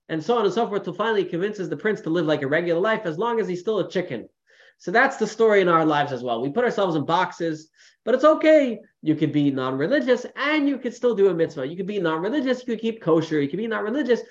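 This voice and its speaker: Rabbi telling stories to a class. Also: male voice, fairly high pitch, a little fast, muffled recording. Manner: storytelling with animated quoted voices, many fillers. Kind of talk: informal Torah class talk.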